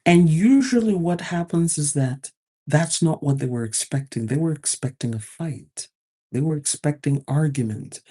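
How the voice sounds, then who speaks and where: Mellow-voiced woman telling a story. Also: low voice, normal speed, slightly rough. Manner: animated, acts out quoted exchanges. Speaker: advice host. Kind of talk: storytelling talk.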